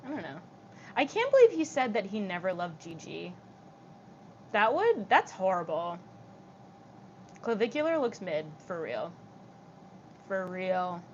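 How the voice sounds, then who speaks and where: A young woman livestreaming. She speaks with steady vocal fry, reads comments from her chat aloud and answers them with light, giggly chatter. The audio sounds slightly dull and muffled, with a faint hiss behind her voice. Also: mid-range voice, measured pace, long pauses.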